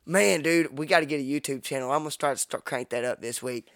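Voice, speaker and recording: A man's voice: fairly high pitch, quick pace, fairly bright tone, dry recording, clean studio sound. A man co-hosting a podcast, telling a profane story in casual chat and acting out what people said. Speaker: podcast co-host.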